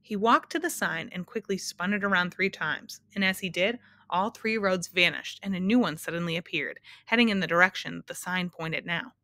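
A woman reading a children's storybook aloud with a clear, expressive narration. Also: fairly low pitch, moderate pace, hardly any pauses, no echo. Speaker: reader.

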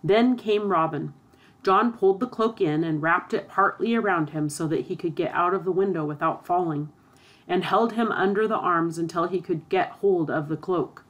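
A woman narrating a storybook aloud in a steady, expressive reading. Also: lowish voice, normal speed.

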